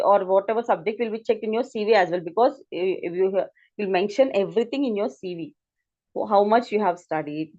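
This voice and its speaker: A woman with an Indian English accent lectures a class over a video call, explaining patiently and circling back to check that her students follow. Her voice sits at a middling pitch, and the call audio is dull and lo-fi. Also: a little mellow. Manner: explanatory, repetitive, asks students to confirm. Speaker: teacher.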